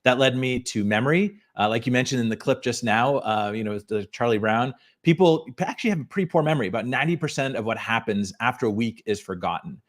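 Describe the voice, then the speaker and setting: A man interviewed as a company founder over a video call, fluent and explanatory. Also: mid-range voice. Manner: fluent, explanatory, fast storytelling.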